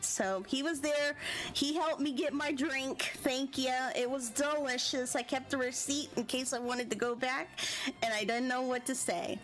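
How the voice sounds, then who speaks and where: Chatty, giggly high-voiced American woman. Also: measured pace, soft background music. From United States. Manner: chatty, giggly, animated storytelling. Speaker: vlogger. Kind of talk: casual storytelling chat.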